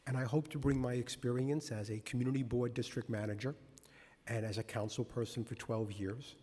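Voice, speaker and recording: Husky-voiced man speaking in a hall. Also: mid-range voice, steady tone, a little fast, dark tone. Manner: chatty, self-deprecating, hesitant fillers. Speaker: commission member, former council member. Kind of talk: formal remarks at a public meeting. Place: public meeting in a city hall chamber. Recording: long reverb in a large chamber.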